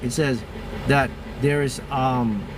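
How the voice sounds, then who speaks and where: A man's voice: medium pitch, fairly even intonation, takes it slowly, background noise. A man talking casually to his viewers as a spiritual mentor, rambling and often breaking off to restart his sentences.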